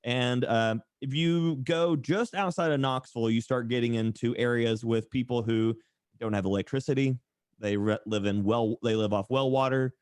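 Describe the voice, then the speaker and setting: This East Tennessee tattoo artist and streamer, his Southern accent mostly faded, guests on a podcast, telling sarcastic stories in a casual interview and animatedly voicing the people in them. His mid-range voice is clear and resonant at a moderate pace, in clean studio sound with no room tone.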